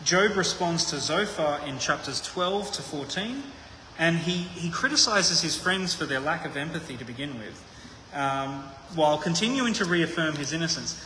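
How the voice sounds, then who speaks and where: Guy preaching, kinda bright voice, lots of restarts, big echoey hall. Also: on the high side, animated, moderate pace, slight background noise. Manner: conversational, thinks aloud with many restarts. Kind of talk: sermon. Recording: echoey hall with long reverb.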